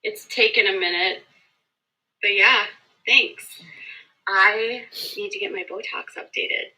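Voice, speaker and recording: A woman chats on a casual livestream, talking directly to her viewers. Her voice has a very bright, sharp edge. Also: medium pitch, slow pace, rough recording. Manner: chatty, talks straight to viewers.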